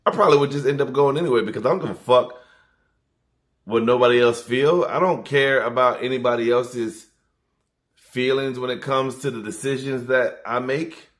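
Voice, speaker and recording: A man's voice: medium pitch, normal speed. A man doing a casual comedic rant, rambling and loose, swearing freely and breaking into little laughs.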